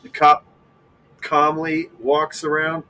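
A man co-hosting a podcast, telling jokes in a playful, animated casual chat. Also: a little high, takes it slowly, poor audio. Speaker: podcast co-host.

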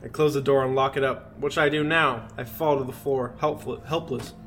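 A man's voice: medium pitch, steady tone, fairly quick, a bit bright, a little hiss or hum. A man co-hosting a podcast, reading a creepy story aloud and breaking off to laugh and joke. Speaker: podcast co-host.

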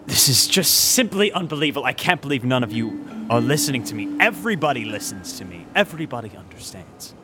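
A man's voice: low voice, a little slow, music in the background. Man playing an indignant lecturing doctor. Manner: insistent, lecturing, rising to angry outbursts. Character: pompous frustrated male doctor, growing giant.

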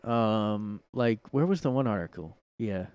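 A man's voice: on the low side, animated, measured pace, darkish tone, clean tone, no echo. A man hosting a solo podcast from his room, rambling sarcastically with lots of filler words. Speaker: podcast host. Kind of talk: casual solo commentary.

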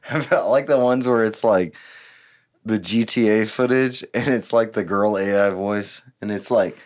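A man's voice: lowish voice, measured pace. A young man hosting a casual podcast chat, joking and teasing with a rambling, offhand delivery. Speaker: podcast host.

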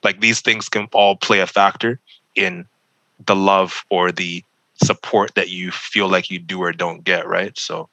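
A man's voice: deep voice, little pitch movement, a little slow, vocal fry, sharp tone, no echo, poor audio. A man from Toronto co-hosting a podcast, joking and dodging questions in slang-heavy casual banter. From Toronto, Canada. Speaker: podcast co-host. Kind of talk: casual chat.

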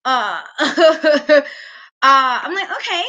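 Woman, high voice, bright tone, casual podcast rant, emphatic, exasperated. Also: fairly quick, highs cut off. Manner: animated, exasperated, laughing often; emphatic repetition. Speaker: wrestling show co-host.

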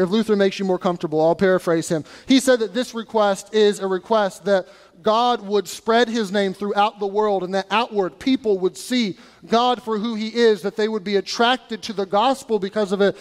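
A male pastor preaching a sermon in a conversational way, asking his congregation rhetorical questions. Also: high-pitched. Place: church sanctuary. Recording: church hall reverb.

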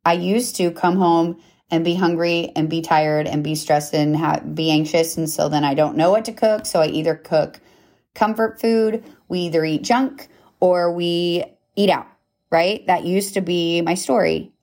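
A woman's voice: lowish voice, fairly even intonation, unhurried, a little mellow. A woman in her thirties hosting a podcast, giving a casual motivational talk with emphatic check-ins like "okay?" and "right?", laughing at herself now and then. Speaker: podcast host.

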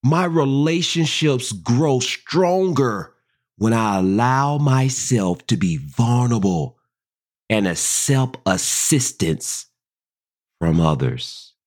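A podcast host slowly reading self-affirmations and repeating key phrases. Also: medium pitch, lively intonation.

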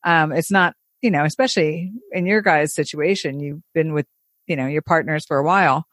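A woman with a slightly low voice leads a frank group chat, asking direct questions and giving blunt opinions. The sound is dry and close. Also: brisk, fairly bright tone, dry recording. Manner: blunt, asks questions, laughs often. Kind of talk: casual chat.

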